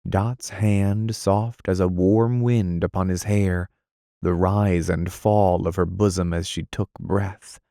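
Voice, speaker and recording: A man narrating an audiobook in a measured, dramatic reading style. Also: sits low, dark tone, no room sound, clean studio sound.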